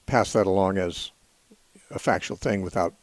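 A man hosting a call-in radio show, answering callers in a measured, thoughtful way with frequent fillers. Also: low-pitched, no room sound. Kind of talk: call-in radio Bible teaching.

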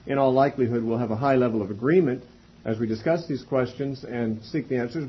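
Husky guy lecturing a bible class, slow and methodical, kinda muffled lo-fi tape. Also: medium pitch. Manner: methodical, spells out words, frequent uh fillers. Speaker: Bible teacher. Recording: dull lo-fi recording.

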